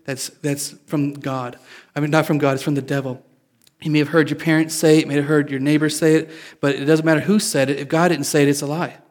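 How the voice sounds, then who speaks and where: A man's voice: a little high, flat delivery, fast talker, darkish tone. A man preaching a sermon in a casual, confessional way, joking with his listeners. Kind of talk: conversational sermon.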